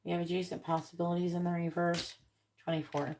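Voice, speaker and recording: A woman doing a live tarot reading, softly repeating card draws and talking bluntly between them, with occasional swearing. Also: fairly low pitch, little pitch movement, fast, slight background noise. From Florida, United States. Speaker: tarot reader.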